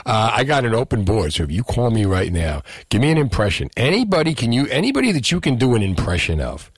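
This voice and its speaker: A man's voice: medium pitch, sing-song, fast talker, slightly rough, no room sound, clean studio sound. A male radio host running a call-in show, joking and bantering energetically. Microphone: studio microphone.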